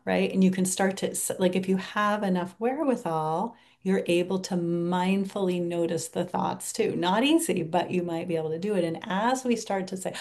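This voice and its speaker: A woman giving a reflective teaching talk on mindfulness, turning gentle and soft when she models kind self-talk. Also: lowish voice, normal speed, few pauses. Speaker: meditation teacher.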